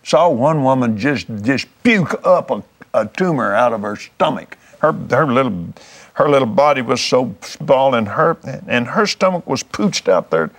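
A man's voice: mid-range voice, lively intonation, measured pace. A man preaching, telling a testimony story in a fervent, folksy way, often restarting his words.

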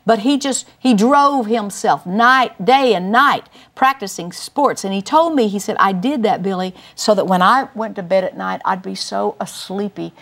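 An older woman giving a Christian teaching through a personal testimony, telling it emphatically with big swings up in pitch. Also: moderate pace, few pauses, fairly bright tone. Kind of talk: testimony-style Bible teaching.

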